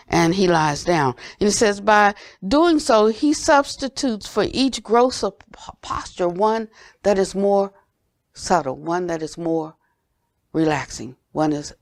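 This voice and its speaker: An older woman teacher giving a dharma talk, earnest and gently questioning, often dropping to soft low tones. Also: a little slow, no room sound, studio quality. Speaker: Buddhist teacher.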